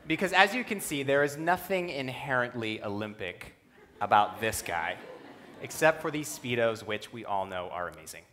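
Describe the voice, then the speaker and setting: A young man speaks on a stage with lively, humorous storytelling. His voice sits in a medium register, and he drops lower and quieter whenever he acts out what someone else said. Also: moderate pace. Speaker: speaker at a youth conference talk. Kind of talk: personal storytelling speech. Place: stage before a live audience.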